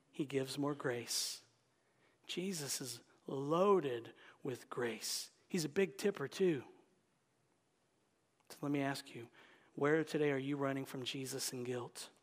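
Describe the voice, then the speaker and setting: High-voiced preaching man, echoing church hall. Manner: emphatic preaching, swinging between loud calls and hushed whispers. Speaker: pastor. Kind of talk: sermon. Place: church sanctuary. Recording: long reverb in a large church hall.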